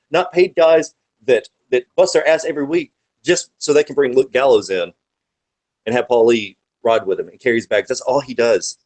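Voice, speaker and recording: A man's voice: on the high side, low-quality recording. A man talking as a podcast guest, swearing freely while he tells long wrestling-world anecdotes. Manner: profane, animated, rambling anecdotes. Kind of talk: casual storytelling chat.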